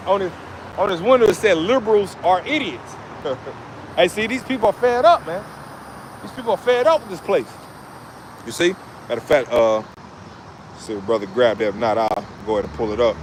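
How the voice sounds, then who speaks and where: A man's voice: sits high, brisk, long pauses. A man preaching to a street audience in slang, with constant asides like "man" and "you see". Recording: outdoor street noise.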